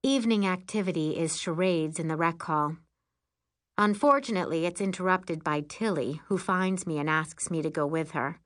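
A woman narrating a first-person children's story aloud, with an expressive sing-song lilt. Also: fairly low pitch, moderate pace. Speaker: audiobook narrator.

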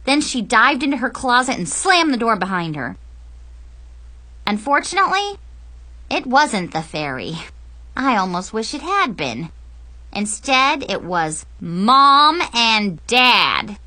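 A young adult woman reading a comic first-person story aloud as an audiobook narrator, animated and playful in delivery. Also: on the high side.

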